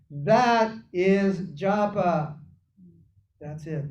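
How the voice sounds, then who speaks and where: A man giving a spiritual workshop talk to a live group, animated and teasing, mimicking voices and laughing often. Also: on the high side, unhurried. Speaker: spiritual teacher. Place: temple hall. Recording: echoey, dull room recording.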